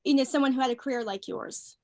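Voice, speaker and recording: A woman's voice: high-pitched, steady tone, quick pace, darkish tone. A young woman hosting an interview, asking questions in an eager way with fillers. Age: young adult. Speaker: interview host.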